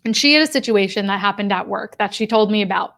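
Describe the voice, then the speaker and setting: A woman's voice: mid-range voice, fast, vocal fry, fairly bright tone. Female coach, live-stream talk, direct and conversational with her audience. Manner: direct, conversational, addresses viewers. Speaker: career coach and professor of human behavior.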